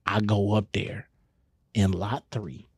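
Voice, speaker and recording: Animated young man telling a story. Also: fairly low pitch, slow pace, slightly rough, no echo, studio quality. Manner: animated, slangy, acts out scenes. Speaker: guest comedian. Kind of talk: storytelling on a podcast.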